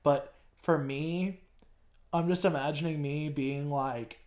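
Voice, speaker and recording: A young man chats slowly on a podcast in a fairly high voice. He swears a lot, uses slang and stops and starts with fillers. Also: fairly even intonation, darkish tone. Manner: slangy, profane, halting with fillers. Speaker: podcast co-host. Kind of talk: casual chat.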